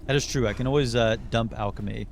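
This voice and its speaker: A man's voice: mid-range voice, fast, gravelly, a little hiss or hum. A man casually thinking aloud while live streaming a video game, his throat getting a little sore. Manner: relaxed, muttering and thinking aloud while playing.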